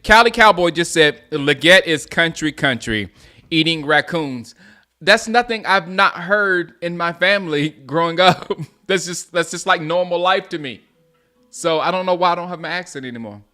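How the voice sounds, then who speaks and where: A man from South Carolina hosting a casual live stream, chatting with viewers and reacting excitedly to plays as he reads comments aloud. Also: a little high, moderate pace, soft background music. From Gaffney, South Carolina. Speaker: sports livestream host.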